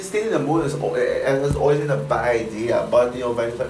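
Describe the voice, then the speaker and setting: A man's voice: mid-range voice, normal speed, hardly any pauses. A man giving a casual spoken movie review, rambling, with many fillers and stutters. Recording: echoey room with faint noise.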